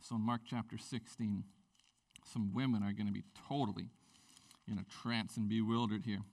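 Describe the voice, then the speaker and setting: A man's voice: normal speed, vocal fry. A middle-aged male pastor from Canada preaching a sermon, telling stories with energy and acting out the people he quotes. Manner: animated storytelling, acts out quoted voices with big pitch jumps.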